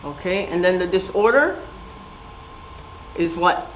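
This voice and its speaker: A woman's voice: lowish voice, animated, slow pace, a bit bright, a little hiss or hum. Woman presenter, storytelling, heard from far off, roomy echo. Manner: storytelling, asks audience questions. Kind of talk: community presentation. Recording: echoey room from far off.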